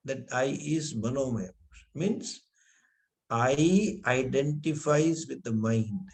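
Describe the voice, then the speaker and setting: A man teaching scripture, explaining slowly with Sanskrit terms and frequent restarts. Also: medium pitch, darkish tone. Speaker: spiritual teacher. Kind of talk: scripture lecture.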